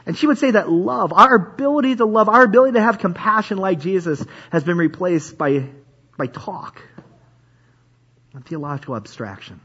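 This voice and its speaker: On a dull, lo-fi recording, a male pastor preaches in a conversational manner at a moderate pace. His high, fairly bright voice is animated and has a breathy edge, and he tends to repeat himself and restart sentences.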